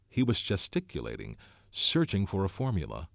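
A man narrating a novel in a measured, expressive storytelling manner. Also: low-pitched, dry recording, clean studio sound. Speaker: audiobook narrator. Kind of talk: scripted narration.

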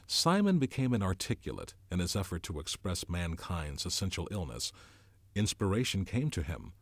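A man narrates a novel in a lowish voice with widely swinging intonation. His reading is expressive and dramatic. The recording is dry and close. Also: moderate pace, vocal fry, dry recording.

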